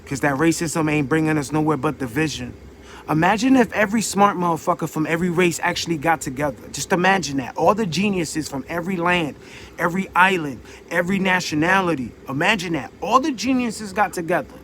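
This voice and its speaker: A man's voice: a little high, fairly quick, fairly bright tone, slight background noise. A young man giving an unscripted, preachy monologue, profane and repeating words for emphasis. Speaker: vlogger.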